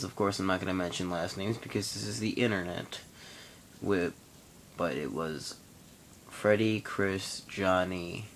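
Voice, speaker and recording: A young man in his late teens hosting his own vlog, telling a long personal story in a casual, rambling, matter-of-fact way with pauses. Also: deep voice, a bit bright, a little hiss or hum. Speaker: vlog host.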